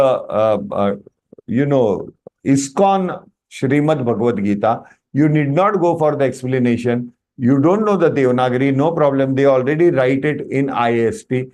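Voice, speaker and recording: Teaching Sanskrit on a video call, this Indian English-accented man explains material, quizzes his students as he goes, and blends Hindi into English during the online workshop. He speaks at normal speed in a mid-range voice with a darkish tone.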